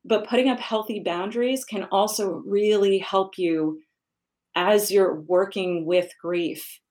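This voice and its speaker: A woman's voice: medium pitch, steady tone, a little slow, darkish tone. A woman guest candidly recounting her own loss, speaking emphatically about letting others help. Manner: candid, emphatic, telling a personal story. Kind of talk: casual conversation about grief.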